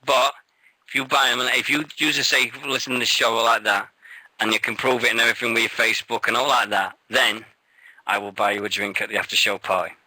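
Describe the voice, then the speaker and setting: A man co-hosting a radio show, rambling and excitable, swearing freely and sounding shaky with nerves. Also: mid-range voice, fast, slightly rough, no echo, poor audio. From England. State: nervous, shaky. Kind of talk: casual radio chat.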